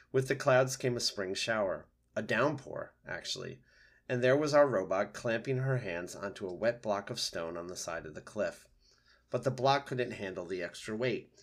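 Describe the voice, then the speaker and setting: A man reading a children's book aloud with steady, gentle storytelling. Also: fairly low pitch. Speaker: narrator.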